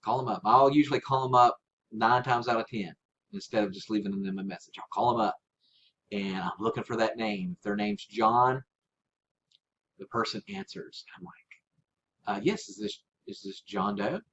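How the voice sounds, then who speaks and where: A man's voice: on the low side, lively intonation, normal speed, pauses often, a bit bright. A man giving a casual spoken tutorial as an online seller, coaching in an informal way and often checking in with "right?". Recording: slightly dull lo-fi recording with faint hiss.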